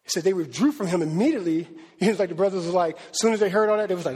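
Animated high-voiced preacher in a hall. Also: male voice, very fast, slightly rough. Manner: slangy, acts out voices of people in the story. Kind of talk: lively conversational sermon. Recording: long hall reverb.

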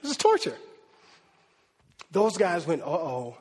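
A man preaching a lively, conversational sermon in slang, acting out the voices of people in the story. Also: high-pitched, fairly quick, husky. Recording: long hall reverb.

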